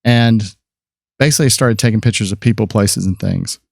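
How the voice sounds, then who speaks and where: A man's voice: on the low side, moderate pace, vocal fry, darkish tone, no echo, studio quality. A man in his fifties, a podcast guest and photographer, telling rambling stories about his life in a casual chat, with many fillers and restarts.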